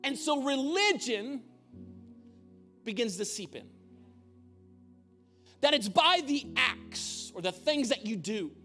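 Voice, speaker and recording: A male pastor delivers a sermon in a church with a high, light voice. His preaching is conversational and broken up by humorous asides. Faint music plays under him. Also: very animated, takes it slowly, long pauses, sharp tone. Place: church auditorium.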